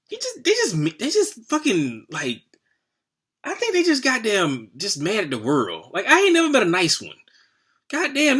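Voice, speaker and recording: A man in his forties telling a comic story from his childhood, rambling and heavy on the swearing. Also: medium pitch. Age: 40s. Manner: profane, rambling, animated.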